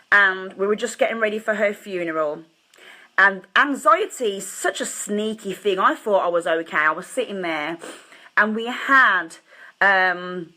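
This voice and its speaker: Woman on a phone live stream at home, bright voice, earnest and confiding with the viewers. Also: medium pitch, rough recording.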